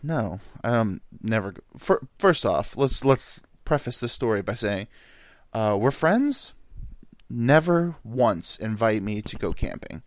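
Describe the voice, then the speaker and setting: A man's voice: on the low side, slow, no echo, clean studio sound. A man in his thirties from New York, telling rambling, crude stories in a casual solo monologue. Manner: rambling, animated, crude humor, jumps into silly voices. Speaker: vlogger.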